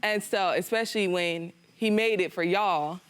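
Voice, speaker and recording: A woman's voice: on the low side, moderate pace, smooth. Aggrieved young American woman. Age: young adult. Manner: aggrieved, insistent. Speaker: litigant. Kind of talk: emotional testimony.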